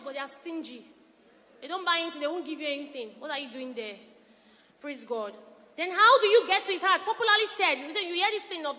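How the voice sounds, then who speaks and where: High-voiced woman pastor in a reverberant hall. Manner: animated storytelling, quotes her husband. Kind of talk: sermon.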